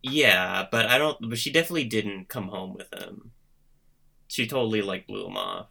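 A man's voice: fairly low pitch, sing-song, normal speed, creaky, bright, forceful tone. A young man in casual chat about a film, laid-back, often giving short agreeing replies. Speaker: podcast co-host.

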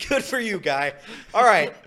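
A man's voice: sits high, big pitch swings, takes it slowly, bright, forceful tone. A man co-hosting a casual sports radio show, joking and teasing with a laugh in his voice. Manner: teasing and jokey, laughing often. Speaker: radio co-host and producer.

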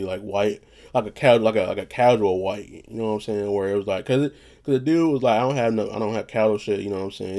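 A man talking casually on his own vlog in a loose, rambling way, often saying "you know what I'm saying". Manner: low monotone voice that he says he projects; loose, restarting, swears casually. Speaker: vlogger; retail worker.

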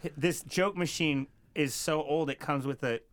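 A man's voice: fairly high pitch, moderate pace, no echo. A man co-hosting a casual podcast, telling stories with restarts and laughter. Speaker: podcast co-host. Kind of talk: casual chat.

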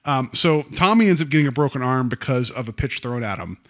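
A man's voice: mid-range voice, a little fast. A man co-hosting a podcast in casual chat, talking loosely about a story and acting out quotes. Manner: chatty, quotes others in animated voices. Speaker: podcast co-host.

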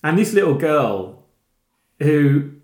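Chatty man, lively pitch, echoey room. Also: slow pace. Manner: retells scenes with acted-out quotes. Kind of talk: casual film chat.

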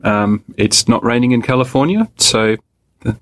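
A man being interviewed as a podcast guest, explaining in a measured way. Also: medium pitch, animated, a bit bright, no room sound.

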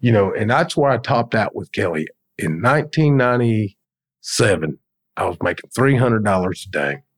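Gravelly man telling stories. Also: fairly low pitch, normal speed. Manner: colloquial, animated storyteller acting out quotes. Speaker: podcast guest, stonemason. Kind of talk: casual storytelling in an interview.

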